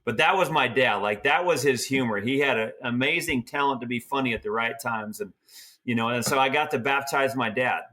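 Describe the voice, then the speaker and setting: A middle-aged Oregon man who ropes on a team and trains speaks at medium pitch, a little fast. He tells stories casually and folksily, animated and acting out the quotes.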